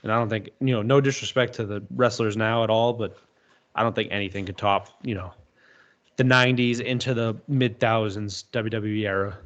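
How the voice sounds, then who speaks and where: A man's voice: fairly low pitch, fairly even intonation, brisk, a bit bright. A man in casual podcast chat, telling loose stories and swearing often. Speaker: podcast guest.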